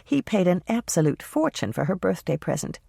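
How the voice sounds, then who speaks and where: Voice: mid-range voice, big pitch swings, moderate pace, creaky, mellow, no echo, clean studio sound, heavily acted. An audiobook narrator voicing Mary Ann, a woman gossiping in a confiding way.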